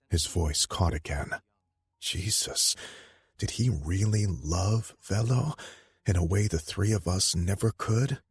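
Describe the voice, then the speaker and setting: A man narrating an audiobook in the first person, measured and steady, on a close studio mic. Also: low-pitched, husky, no room sound.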